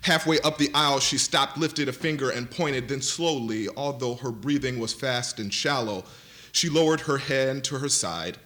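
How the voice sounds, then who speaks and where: Man giving an expressive literary reading. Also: medium pitch. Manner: dramatic, varied delivery that slows for vivid images. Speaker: panelist reading aloud. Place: university lecture event.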